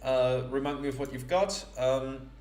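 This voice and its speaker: A man narrating his playthrough of a game in casual commentary, halting and self-deprecating, with many fillers. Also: medium pitch, darkish tone. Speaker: let's play host. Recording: roomy echo.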